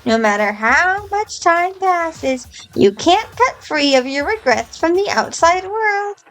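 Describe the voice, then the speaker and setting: A woman's voice: very high-pitched, very animated, takes it slowly, a bit bright, soft background music, voice pushed up, full character voice. A woman voicing a smug, scheming male bear who runs a deadly game, teasing and mocking the people he holds. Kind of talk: reading game dialogue aloud in voices.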